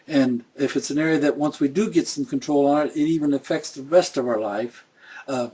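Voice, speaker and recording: A man's voice: a little high, dark tone, husky. A middle-aged man teaching a Bible study in a folksy way, full of rhetorical questions.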